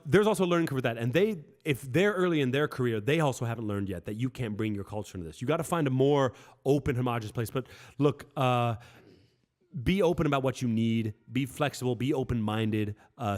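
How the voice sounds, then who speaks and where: A young man who co-hosts a podcast and talks at a rapid clip, with words tumbling out fast and a lot of swearing. His pitch sits at an ordinary middle level. The tone is loose and animated. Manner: fast-talking, profane, animated. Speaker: podcast co-host. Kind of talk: casual chat. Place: living in Germany.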